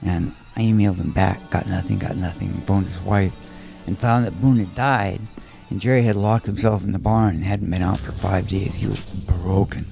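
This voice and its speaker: A man's voice: deep voice, fairly even intonation, normal speed, creaky, few pauses, dark tone. A man talking earnestly and casually about animals he trained, with faint film music behind. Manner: earnest storytelling. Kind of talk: casual commentary chat.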